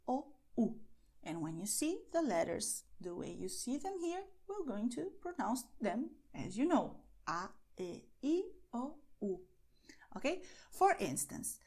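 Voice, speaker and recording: A woman's voice: on the high side, a little mellow. A woman whose first language is Spanish, teaching a beginner Spanish lesson in English and tagging her points with "okay?". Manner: encouraging, tags lines with okay.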